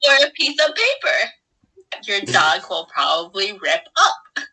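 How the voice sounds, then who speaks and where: A young woman co-hosting a casual podcast, ranting quickly with a sarcastic edge. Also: mid-range voice, very animated, bright, forceful tone, slightly rough, poor audio. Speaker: podcast co-host. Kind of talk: casual chat.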